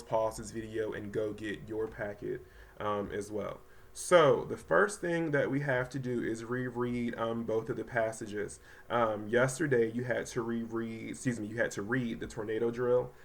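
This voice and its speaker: A man teaching a third grade reading lesson to children at home, talking casually with many ums and slowly sounding out words. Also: lowish voice, slight background noise. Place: home, voice only over the packet pages. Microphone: close mic, not seen.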